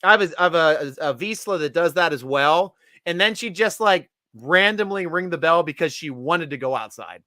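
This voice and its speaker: A man's voice: on the high side, expressive, normal speed, pushed and bright, no room sound. Man host, light tense tone, dry close mic, chatty and jokey. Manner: jokey, laughs a lot, announcer-style guest intros. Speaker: podcast host. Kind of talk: casual chat.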